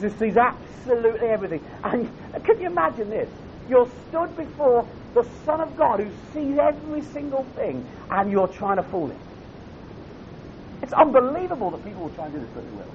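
A man preaching a sermon at a camp, earnest and direct, often putting questions to his audience. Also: darkish tone. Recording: dull lo-fi recording with faint rumble.

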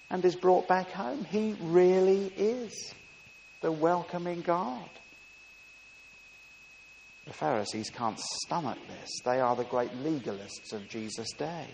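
A man preaching a sermon with emphatic delivery, dropping soft and rising loud. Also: high voice, unhurried, vocal fry, long pauses. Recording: long reverb with faint hiss.

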